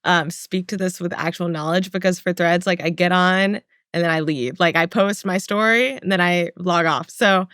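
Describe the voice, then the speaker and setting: A relaxed, thoughtful panelist chatting on a podcast at an easy pace. The voice is smooth and clear at a middle pitch, recorded close and dry. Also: normal speed, no room sound. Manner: relaxed, thoughtful, light laughs. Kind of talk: casual chat.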